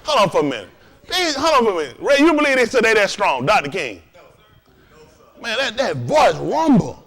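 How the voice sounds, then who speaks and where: An animated man hosts a loose, joking lesson talk. His voice runs high and swings widely in pitch. He tells stories full of laughter. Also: fast. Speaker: host and teacher.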